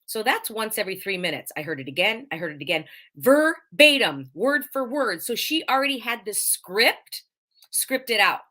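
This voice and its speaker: Lively, bright-voiced woman telling a story. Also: medium pitch, moderate pace. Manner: animated storyteller, emphatic repetition, acts out quoted voices; stresses speaking clearly, careful diction. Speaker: host of a live podcast show. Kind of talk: casual live-stream monologue.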